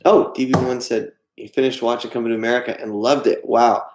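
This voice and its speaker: A livestreamer talks fairly quickly in a level, mid-range voice, reading chat aloud and answering with self-mocking humor. The echoey room picks up some background noise.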